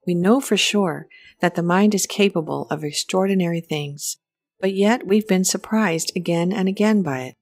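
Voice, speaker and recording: A woman reading a scripted documentary narration in an even, measured way. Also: fairly low pitch, no echo.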